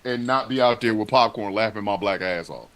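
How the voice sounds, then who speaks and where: A man co-hosting a casual talk show, joking in a profane, expressive way. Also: lowish voice, brisk, dry recording. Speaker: podcast co-host. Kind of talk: casual comedic chat.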